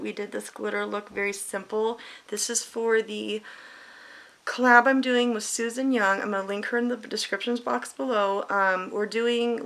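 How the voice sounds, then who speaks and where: A woman's voice: mid-range voice, vocal fry, a bit bright, poor audio. A middle-aged woman chatting bluntly and candidly through a makeup tutorial at home, swearing freely. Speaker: beauty vlogger. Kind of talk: casual makeup tutorial chat.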